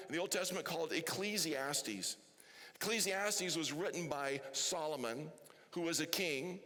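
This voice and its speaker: A man's voice: high voice, sharp tone, in a large hall. A man preaching a sermon as pastor, chatty and often asking the congregation questions. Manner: chatty, asks the crowd questions. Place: church hall.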